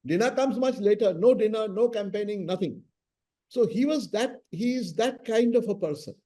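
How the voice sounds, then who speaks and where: A man's voice: high-pitched, normal speed. A middle-aged man with an Indian English accent, a senior lawyer telling anecdotes about his mentor in an interview and acting out the dialogue. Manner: lively raconteur acting out quoted dialogue.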